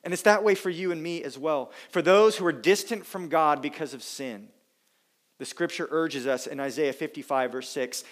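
Earnest man preaching a sermon. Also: a little high. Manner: earnest, emphatic preaching with dramatic pauses.

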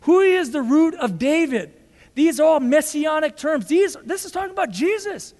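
A man's voice: extremely high pitch, animated, moderate pace, darkish tone. A male pastor preaching a sermon, emphatic and fond of repeated rhetorical questions. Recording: long hall reverb.

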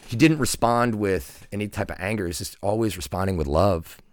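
Deep-voiced man telling a personal story. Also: a little fast, no echo, studio quality. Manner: earnest, reflective, frequent restarts and "like". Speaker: podcast guest. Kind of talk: personal storytelling in a casual conversation.

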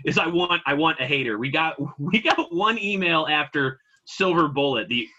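A man co-hosting a casual podcast, his husky voice bright and lively as he rambles through profane stories. The sound is a bit dull and lo-fi. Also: a little high, normal speed. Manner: profane, laughing storyteller. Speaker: podcast co-host. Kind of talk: casual chat.

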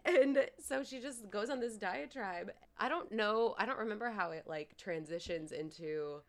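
A woman's voice: mid-range voice, normal speed. A woman in casual chat about a movie, jumping in with asides and laughing often.

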